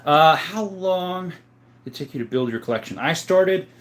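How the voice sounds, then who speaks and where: A man in his thirties from the US, chatting casually on a livestream, reading viewer comments and answering in a folksy, relaxed way. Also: a little high, normal speed. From USA. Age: 30s. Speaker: gun collector livestreaming.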